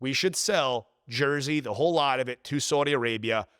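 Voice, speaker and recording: A man hosting a podcast, telling an exasperated travel story in a casual, animated way. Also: mid-range voice, fairly quick, clean tone, dry recording, clean studio sound. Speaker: podcast host.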